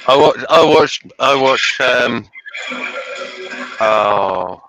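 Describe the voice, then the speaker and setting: A man co-hosting a live stream, talking haltingly and searching for words in casual banter. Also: medium pitch, expressive. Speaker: livestream co-host. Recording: noisy stream audio.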